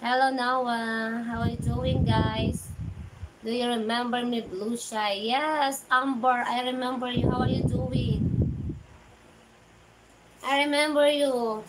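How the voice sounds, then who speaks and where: A woman with a Filipino accent hosts a casual livestream, talking slowly. She greets viewers by name and reads their chat aloud, switching between English and Tagalog. Her voice sits high, and loud noise runs under it throughout. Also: steady tone. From Philippines. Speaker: livestream host.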